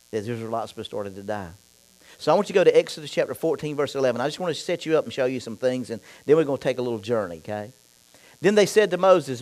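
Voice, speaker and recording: A male pastor preaching a sermon, reading scripture and then talking straight to the congregation, dropping low for asides and getting loud and fired up in other stretches. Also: poor audio. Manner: reads scripture aloud and talks straight to the congregation.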